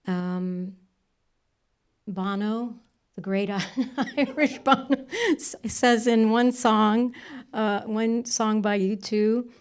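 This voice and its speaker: A woman moderating a panel discussion, relaxed and a little hesitant, with fillers. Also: mid-range voice, slow, clean tone.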